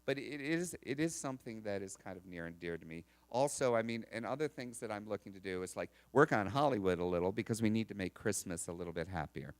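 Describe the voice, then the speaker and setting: A man giving a chatty, animated storytelling talk to a live audience at an expo. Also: on the low side, quick pace, few pauses. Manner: chatty, animated, restarts and laughs. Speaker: speaker telling stories at an expo.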